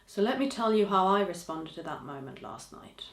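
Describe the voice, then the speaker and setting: A woman hosting a podcast, speaking to listeners in a gentle, encouraging way with soft trailing endings. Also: medium pitch, sing-song, moderate pace, echoey room. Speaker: podcast host. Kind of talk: reflective podcast monologue.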